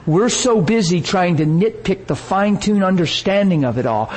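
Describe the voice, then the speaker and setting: A man preaching a sermon, telling a story with lively energy and acting out the people he quotes. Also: sits high, moderate pace, hardly any pauses, poor audio.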